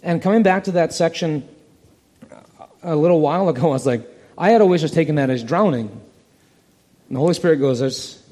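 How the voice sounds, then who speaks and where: Animated preacher in a reverberant hall. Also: male voice, on the high side. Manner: animated, acts out the parable's voices. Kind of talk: expository sermon.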